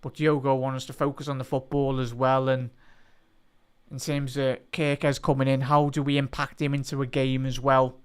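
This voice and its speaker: A man hosting a live football watch-along, chatting to viewers and shouting out at goals. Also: medium pitch, little pitch movement, normal speed, clean tone. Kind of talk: live match reaction and chat.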